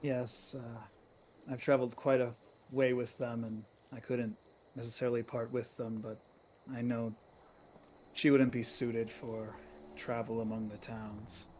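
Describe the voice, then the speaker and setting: A man playing a tabletop game in character, speaking in a hesitant, halting way. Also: medium pitch, little pitch movement, a little mellow, a little hiss or hum. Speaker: player.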